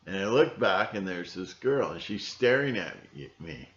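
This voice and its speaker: A man with a lowish voice rambles through a vlog monologue, stopping and restarting often in a conspiratorial way. He is recorded at home, and the sound is roomy and somewhat dull, with a lo-fi edge. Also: lively intonation, measured pace, fairly bright tone. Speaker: vlogger.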